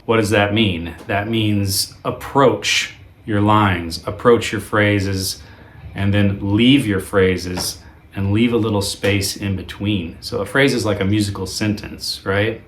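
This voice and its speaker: A man teaching a guitar lesson in a relaxed, conversational way, with frequent ums and uhs. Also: lowish voice, takes it slowly, slight background noise. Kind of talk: video lesson.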